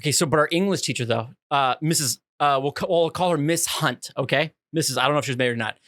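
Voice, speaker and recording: Fast-talking man telling rambling stories. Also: fairly high pitch, dry recording, clean studio sound. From California. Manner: rambling, animated storytelling full of "dude" and "like". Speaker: podcast co-host. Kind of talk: casual chat.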